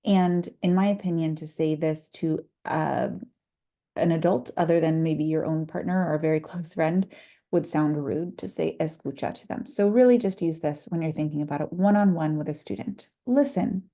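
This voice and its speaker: A woman teaching a short Spanish lesson for school staff, explaining clearly and patiently and slowing down to model words. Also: low voice, steady tone, mellow. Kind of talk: instructional video lesson.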